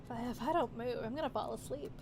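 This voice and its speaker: A woman's voice: on the high side, fast, background noise, natural voice. A woman voicing a sleepy, worn-out young woman customer who talks drowsily between yawns. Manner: drowsy, yawning, sluggish.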